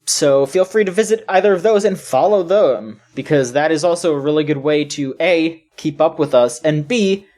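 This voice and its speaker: A woman's voice: low-pitched, moderate pace, hardly any pauses, a little mellow. A woman co-hosting a casual video game podcast, rambling with lots of fillers and restarts. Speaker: podcast co-host.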